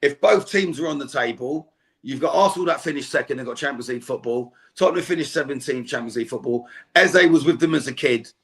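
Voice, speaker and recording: Gravelly-voiced man ranting angrily. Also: mid-range voice, fast, fairly bright tone. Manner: angry, swearing rant. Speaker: fan guest on a football podcast. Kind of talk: heated podcast chat. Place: home.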